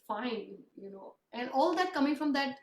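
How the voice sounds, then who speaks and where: Expressive high-voiced woman in her thirties, roomy. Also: recorded from a distance. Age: 30s. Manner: expressive, emphatic, quick to agree. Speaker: host and book author. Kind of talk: casual interview conversation.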